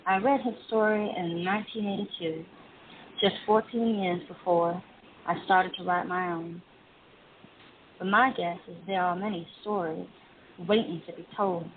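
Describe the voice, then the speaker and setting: A woman voicing an aging male prison guard, reciting a poem slowly and solemnly in his voice. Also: on the low side, lightly acted. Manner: slow measured poetry recitation. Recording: tinny phone line, faint hiss.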